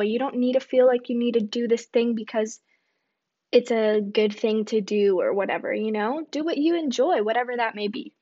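A young woman talks through her solo podcast in a loose, rambling way, full of fillers and little self-deprecating asides. Her voice sits a bit high for a woman. The home recording sounds dull and lo-fi. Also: a little mellow. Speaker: podcast host. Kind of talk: casual solo podcast chat.

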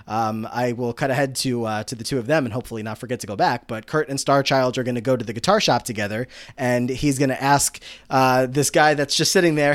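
A man's voice: medium pitch, brisk, hardly any pauses, no room sound. A man hosting a casual podcast, recapping a TV episode in a rambling way with lots of fillers. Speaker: podcast host.

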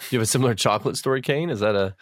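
A man's voice: medium pitch, rapid-fire, no room sound, studio quality. A man co-hosting a podcast in casual chat, firing off teasing questions and chuckling asides. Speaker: podcast co-host.

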